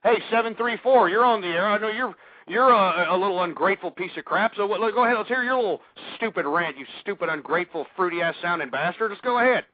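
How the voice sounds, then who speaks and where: A high-voiced man rants angrily as a call-in radio host, snapping and insulting whoever phones in. The sound is dry and thin, squeezed down like an old phone line. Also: fast talker, dry recording. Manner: abrasive, insulting, shouting at callers. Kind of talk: aggressive talk radio rant. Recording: dry, tinny phone-like audio.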